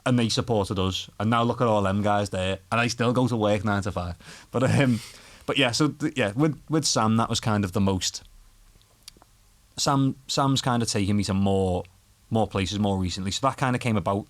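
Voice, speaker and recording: A young adult man with a Scouse accent, a guest guitarist telling animated stories, laughing and swearing often in casual podcast chat. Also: fairly low pitch, moderate pace. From Liverpool, England.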